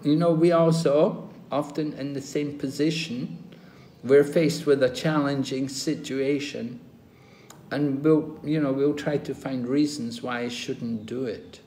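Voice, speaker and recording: Slow-speaking older man teaching scripture. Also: medium pitch. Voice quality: slow, animated storytelling, acting out quoted dialogue. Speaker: spiritual teacher. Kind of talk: scripture class lecture. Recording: roomy echo, faint ambient noise.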